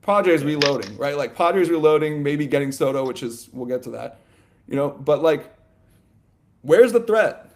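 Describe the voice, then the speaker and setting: A man co-hosting a sports podcast, talking in a loose, animated ramble full of "like" and "you know" and quick laughs. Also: a little high. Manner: laughs often mid-sentence. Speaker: podcast co-host. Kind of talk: casual sports chat.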